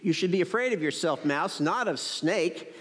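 A man's voice: high voice, expressive, normal speed. A man voicing a kind, sensible male hedgehog in a storybook read-aloud. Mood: calm. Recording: echoey church hall.

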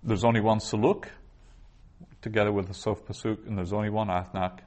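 A man teaching a class, explaining step by step in a patient way, with frequent pauses and restarts. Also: on the low side, steady tone, darkish tone. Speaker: Hebrew teacher. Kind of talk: classroom lecture.

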